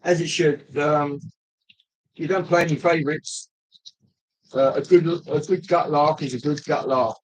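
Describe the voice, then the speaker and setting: Chatty man with a higher voice. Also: fairly even intonation, a little hiss or hum, rough recording. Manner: rambling, jokey, pauses with ums. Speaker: livestream host. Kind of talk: casual chat with viewers.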